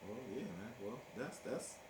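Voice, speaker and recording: A man's voice: mid-range voice, expressive, a little slow. A man co-hosting a casual couples podcast, joking and laughing with his partner and slipping into playful bits. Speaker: podcast co-host. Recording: echoey room with noise.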